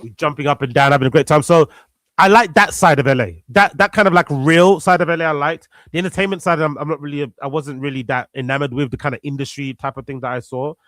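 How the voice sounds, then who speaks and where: A man's voice: fairly high pitch, fast, a bit bright, no room sound. A man chatting casually as a guest on a live stream, laid-back and rambling, swearing now and then. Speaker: guest, fellow show host.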